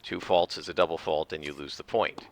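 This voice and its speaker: A man giving casual commentary over his own tennis game, explaining the rules at length and rambling with restarts and throat clearing. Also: rumbling low, fairly even intonation, brisk, slight background noise. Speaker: gameplay commentator. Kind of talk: casual let's-play commentary.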